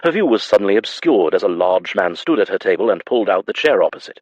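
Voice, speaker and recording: A man reading a historical romance audiobook in a measured, even manner. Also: sits low, slightly rough, dry recording, muffled recording. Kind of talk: scripted audiobook narration.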